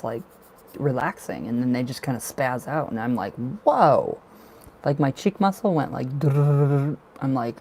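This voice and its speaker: A man's voice: medium pitch, darkish tone, slight background noise, low-quality recording. A man hosting a casual tarot livestream, chatty and laughing often as he talks to viewers.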